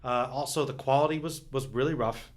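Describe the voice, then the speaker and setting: A man's voice: mid-range voice, fairly quick. A man co-hosting a podcast in casual chat, rambling and cutting himself off, laughing often. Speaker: podcast co-host.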